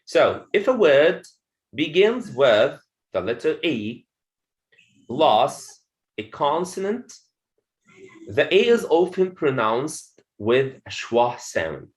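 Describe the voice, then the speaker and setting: Slow-paced male English teacher. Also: a little high, big pitch swings, rough recording. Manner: slow and repetitive, says words twice to model them; frequent "okay" fillers. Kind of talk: slide-based lesson.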